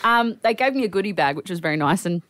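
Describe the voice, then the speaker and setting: A woman with an Australian accent, a radio co-host chatting casually, animated and quick to laugh as she acts out scenes. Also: mid-range voice, dry recording. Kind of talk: casual chat.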